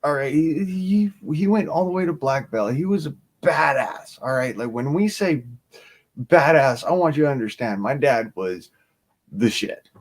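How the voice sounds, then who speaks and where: A man telling a profane, animated bar story on his stream. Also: a little high, normal speed. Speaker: stream host. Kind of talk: casual storytelling.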